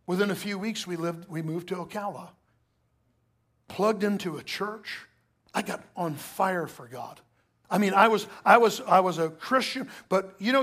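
A middle-aged male pastor preaching a sermon, telling a personal story with lively asides to the congregation. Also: high-pitched.

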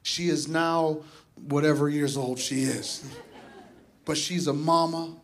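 Middle-aged male pastor, sermon delivery, fervent, repetitive exhortations, fairly high voice. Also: fairly even intonation, takes it slowly, fairly bright tone. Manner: impassioned, builds to emphatic repeated exhortations.

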